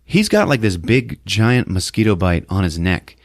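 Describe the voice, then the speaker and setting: A man hosting a podcast, recapping a film in a jokey, animated storytelling manner. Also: fairly low pitch, normal speed, no room sound, studio quality. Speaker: podcast host. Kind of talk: casual movie recap.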